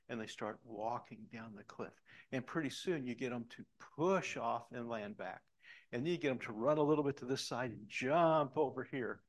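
A middle-aged man preaching a sermon, telling a story in an animated way and dropping to soft emphasis on key points. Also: mid-range voice, normal speed. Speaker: pastor.

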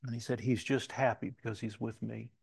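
A middle-aged man from Alaska preaching a sermon, telling folksy stories with halting restarts. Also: mid-range voice, steady tone, creaky, husky, no echo. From Alaska, USA. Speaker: pastor.

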